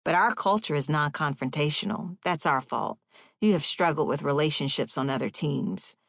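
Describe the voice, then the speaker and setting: A curt, scripted male boss gives his verdict in quick, flat, businesslike words, as a woman reads him in her own low voice. The sound is dry and close, with no room around it. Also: vocal fry, no echo, exaggerated voice. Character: brisk male corporate boss, cold and scripted.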